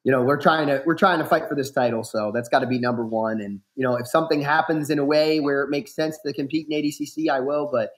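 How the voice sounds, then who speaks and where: A man in his thirties chats as a guest on a podcast, easygoing and rambling, leaning on "you know" and restarting his sentences. His voice sits in an ordinary middle pitch, and he never pushes hard as he thanks people and tells stories in a loose, unhurried manner. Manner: relaxed, rambling, many fillers and restarts. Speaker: guest fighter. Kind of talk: casual podcast interview.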